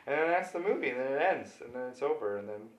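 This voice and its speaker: A drunk man rambling through a comedic recap of a film, swinging between loud and quiet. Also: medium pitch, lively intonation, fast. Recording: echoey room.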